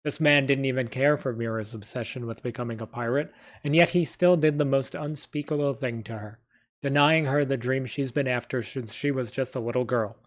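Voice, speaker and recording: A man's voice: mid-range voice, brisk, natural voice. A man reading as a pirate crewmate. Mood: storytelling. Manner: plain unpracticed reading with slips. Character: male pirate crewmate telling his captain's tale. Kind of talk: reading a fantasy story aloud.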